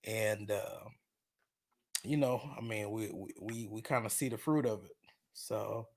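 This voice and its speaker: A man hosting a casual talk show over a video call, speaking haltingly with many fillers and repeated words. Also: fairly low pitch, gravelly. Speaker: host.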